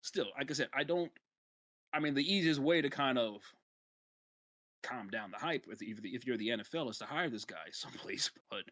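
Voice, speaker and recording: A man from New York co-hosts a podcast, talking loosely and often restarting his thoughts. His voice is mid-pitched and bright. The recording is dry with no room sound. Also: lively intonation, moderate pace, no room sound. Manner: rambling, restarts sentences. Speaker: podcast co-host. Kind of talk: casual chat.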